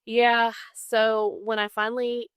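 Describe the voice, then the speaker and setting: A woman's voice: fairly high pitch, level tone, takes it slowly, clear, resonant tone, no echo, studio quality. A young woman with a Southern accent, casually telling a folklore story on a podcast and laughing often. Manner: chatty, laughs often, enthusiastic about folklore. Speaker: guest co-host.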